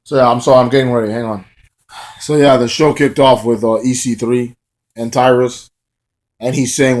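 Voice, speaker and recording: Male reviewer, casual recap voice, mid-pitched, rambling delivery with frequent fillers. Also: steady tone, normal speed, darkish tone. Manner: loose and rambling, full of fillers. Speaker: wrestling show reviewer.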